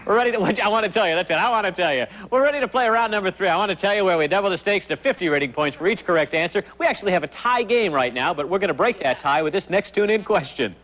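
A man with a high-pitched voice and lively intonation hosts a 1980s TV game show in a studio, upbeat and jokey, bantering with contestants and quick to laugh. The low-quality broadcast carries some chatter and loud noise from the live studio audience.

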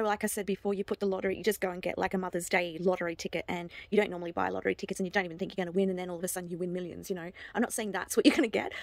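A woman giving an oracle card reading to camera, gushing and excitable, with frequent halting restarts and delighted exclamations. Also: mid-range voice, no echo. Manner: halting restarts and repeated words. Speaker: psychic card reader.

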